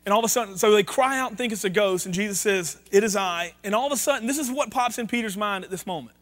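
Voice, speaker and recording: High-voiced pastor preaching. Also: male voice, fast, fairly bright tone. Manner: conversational preaching, reads scripture aloud, asks the congregation questions. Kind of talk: sermon. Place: church sanctuary.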